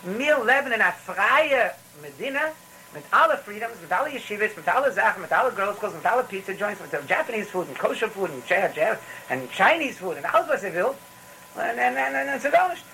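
A man's voice: high-pitched, expressive, fairly quick, sharp tone, a little hiss or hum, low-quality recording. A man with giving a rambling, storytelling Torah talk, full of restarts and phrases. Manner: rambling, repetitive restarts, mixes in Yiddish phrases.

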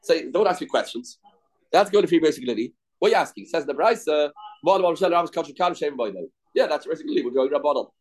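A man's voice: on the high side, expressive, racing, poor audio. A man teaching a daily Talmud class. He explains in short, repeated phrases and asks rhetorical questions.

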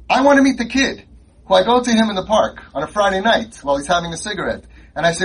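A man's voice: sits high, expressive, fast talker, a bit bright, husky, rough recording. A man giving an impassioned, rhetorical speech at a conference, repeating his lines for emphasis. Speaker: conference speaker. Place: conference hall.

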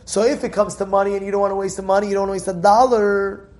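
High-voiced man giving a lively Torah talk. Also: rapid-fire. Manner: animated storytelling with repeated phrases and quoted dialogue. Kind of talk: informal Torah lesson.

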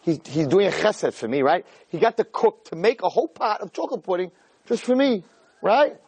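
A middle-aged man giving a jokey, animated storytelling talk as a rabbi, peppering it with "right?". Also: high voice, fairly quick, breathy edge, no room sound. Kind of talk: storytelling lecture.

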